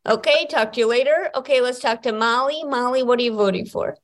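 A woman hosts a comedy call-in game podcast with playful banter. She sounds mock-exasperated, and her voice sits a little high. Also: a little fast. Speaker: podcast host.

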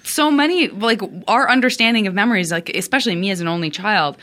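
A woman's voice: mid-range voice, quick pace, a bit bright. A woman hosting a podcast, reflecting aloud as she interviews her guests. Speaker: podcast host. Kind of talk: casual interview.

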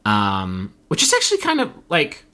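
A man from Appalachia hosting a casual comedic podcast, telling stories with lots of swearing. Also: normal speed. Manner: animated storytelling, swearing, jumping up in pitch for quotes. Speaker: podcast host.

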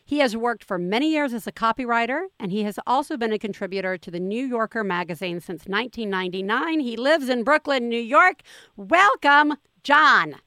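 A woman's voice: on the high side, expressive, normal speed, sharp tone, no echo, studio quality. A woman in her forties hosting a casual podcast chat, enthusiastic and laughing often. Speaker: podcast host.

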